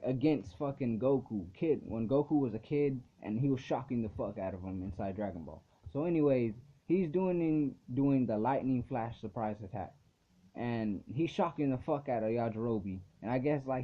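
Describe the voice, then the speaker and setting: A man in the middle of a casual episode recap, rambling along with "like" in nearly every phrase and swearing as he goes. His voice sits at an ordinary pitch. The sound is thin and tinny, as if over a phone line. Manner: rambling, heavy use of "like" fillers, frequent swearing. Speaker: anime episode reviewer.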